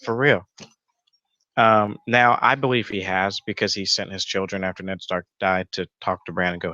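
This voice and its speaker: A man's voice: low voice, fairly even intonation, normal speed, pushed and bright, dry recording, lo-fi sound. A man hosting a casual fan theory show from home, rambling with lots of fillers and the odd swear. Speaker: YouTube show host. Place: home room with a roommate nearby.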